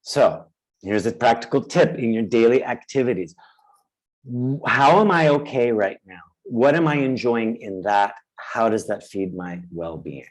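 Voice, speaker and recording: A man presenting a webinar who acts out inner voices with sudden high cries and keeps checking in with his audience. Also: a little slow, low-quality recording. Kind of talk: webinar teaching.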